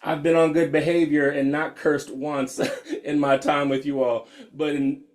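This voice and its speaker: A man's voice: fairly high pitch, flat delivery, measured pace, darkish tone. A man, a meditation teacher talking casually and candidly and laughing often as he reads out attendees' comments over a video call. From United States. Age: 50s.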